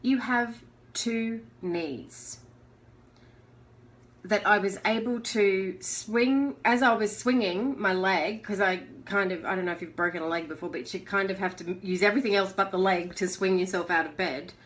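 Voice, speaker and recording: Animated Australian woman telling a story. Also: mid-range voice, moderate pace, few pauses. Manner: animated storyteller who laughs often; acts out her own inner voice in quotes. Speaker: host of a live motivational show. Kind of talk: casual motivational talk.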